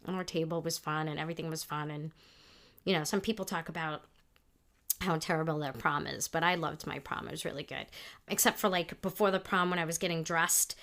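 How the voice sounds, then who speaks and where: A middle-aged woman co-hosting a couples podcast, telling high school stories in an animated way and laughing along. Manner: animated, laughs through her own stories. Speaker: podcast co-host. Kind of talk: casual storytelling chat.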